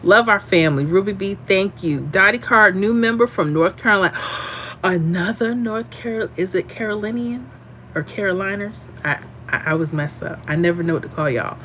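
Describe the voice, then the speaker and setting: This livestream host reads out viewer comments between sassy, animated stories in a casual chat. She speaks at a moderate pace in a mid-range voice, with a little noise in the background.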